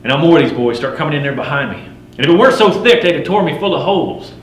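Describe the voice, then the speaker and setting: A living history storyteller plays a boastful frontier mountain man, a grizzled fur trapper spinning a first-person campfire tall tale. His voice is on the high side, animated and racing, close to everyday speech, with a folksy drawl and rough frontier grammar. He swaggers wryly and chuckles at his own yarns, in a roomy recording with a faint hum.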